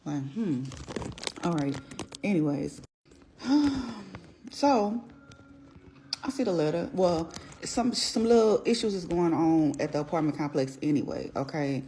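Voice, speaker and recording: A woman's voice: low-pitched, animated, unhurried, long pauses, mellow. A mother telling a casual storytime, blunt and profane, rambling as she vents about her complaints.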